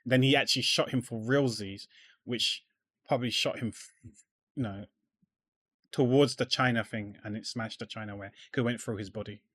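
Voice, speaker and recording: A man giving casual, rambling commentary while playing a game, full of fillers and restarts that trail off quietly. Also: mid-range voice, steady tone, normal speed, dry recording. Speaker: gamer.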